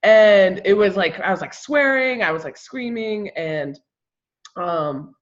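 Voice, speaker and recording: A woman's voice: medium pitch, lively intonation, slow pace. A young woman with a mid-range voice hosts a casual interview and keeps affirming her guest. The recording sounds slightly dull and muffled. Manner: conversational, affirming with frequent "yeah". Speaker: interview host. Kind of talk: casual conversation.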